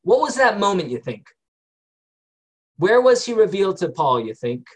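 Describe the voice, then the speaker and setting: A man's voice: high voice, very animated, normal speed. Man leading a chatty Bible study. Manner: conversational, asks the group questions, many fillers.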